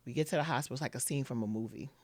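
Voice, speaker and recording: Speaking rapid-fire in a bass voice, this podcast guest recounts something that happened to her, performing other people's quotes with lots of "like" thrown in. The recording is dry with no room sound.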